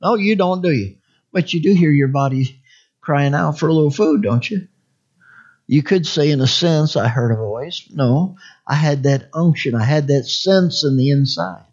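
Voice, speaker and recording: A man's voice: on the high side, normal speed, a little mellow, husky, lo-fi sound. A man preaching a conversational sermon, rambling and folksy, often asking the congregation for an amen.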